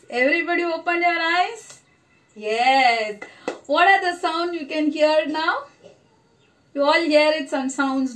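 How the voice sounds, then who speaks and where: Slow, high-voiced teacher. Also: female voice, a bit bright. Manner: slow, encouraging, praising answers. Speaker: primary school teacher. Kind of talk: online lesson for young children.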